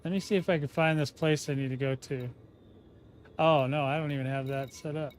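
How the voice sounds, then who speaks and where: A man's voice: a little high, fairly even intonation, fairly quick, slight background noise. A man chatting casually on a game livestream, rambling and often breaking off mid-sentence. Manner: rambling, self-interrupting, chatty. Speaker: game streamer.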